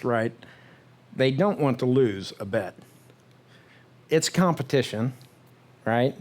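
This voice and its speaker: A man's voice: medium pitch, a little mellow. Pastor, male, mid-range voice, chatty storytelling sermon with lots of audience check-ins. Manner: conversational storytelling with frequent "right?" asides; acts out the characters' words in quick bursts. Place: church sanctuary.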